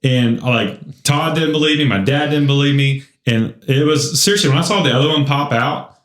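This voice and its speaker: Animated male podcast host, roomy echo. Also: medium pitch, normal speed. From United States. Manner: animated storyteller, laughs often. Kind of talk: casual storytelling chat. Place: church podcast studio.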